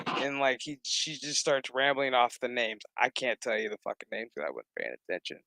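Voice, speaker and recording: This show recap host has a mid-range, creaky voice and talks at normal speed with hardly any pauses; the recording is dry. Recapping a TV episode casually, he swears constantly, acts out lines from the characters and rants with animated exasperation.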